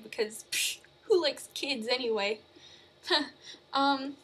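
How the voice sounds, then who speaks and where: A woman casually recapping a movie in a chatty, animated way. She uses lots of fillers and corrects herself as she goes. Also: high voice, slight background noise. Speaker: movie reviewer.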